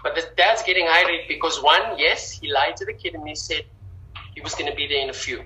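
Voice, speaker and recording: Bright-voiced woman telling a story. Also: deep voice, fairly quick, reverberant, rough recording. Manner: animated, repeats words. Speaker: guest. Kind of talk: casual storytelling.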